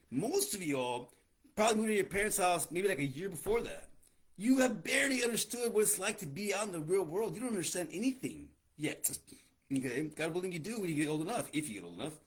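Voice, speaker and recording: A man's voice: high voice, breathy edge. A man in his forties hosting a podcast, lecturing bluntly with lots of swearing. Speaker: podcast host. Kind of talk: casual podcast rant.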